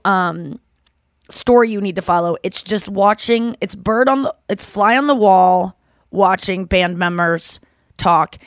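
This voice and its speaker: A woman's voice: medium pitch, dry recording, clean studio sound. A woman hosting a podcast in casual chat, rambling and chatty, swearing freely. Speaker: podcast host.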